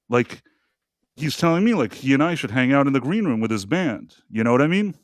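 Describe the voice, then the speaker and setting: A man's voice: mid-range voice, expressive, fairly quick, dry recording, studio quality. A man hosting a live podcast, telling a long story in a rambling, casual way with many asides. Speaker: podcast host.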